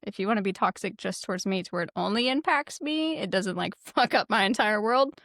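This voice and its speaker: A woman co-hosting a podcast, telling stories casually, profane and animated. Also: mid-range voice, fairly quick, no room sound, clean studio sound. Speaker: podcast co-host.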